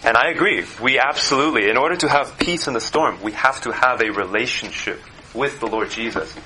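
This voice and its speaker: A man leading a church meeting, introducing speakers in a measured, explanatory way. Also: mid-range voice, a crowd in the background. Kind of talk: sermon introduction. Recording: noisy background.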